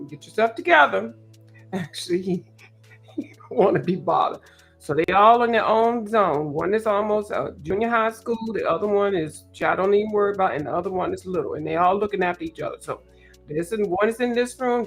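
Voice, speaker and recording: Chatty woman hosting an art livestream. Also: lowish voice. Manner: chatty, joking, talks straight to viewers. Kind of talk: casual livestream chat. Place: at home.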